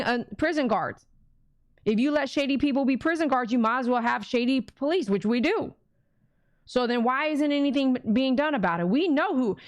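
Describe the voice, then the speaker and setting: A woman's voice: high-pitched, no room sound. A woman hosting a casual livestream, reading viewer comments and answering them emphatically. She talks like a preacher and keeps humming "mm-mm" between points. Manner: emphatic and preachy, with frequent "mm-mm" hums.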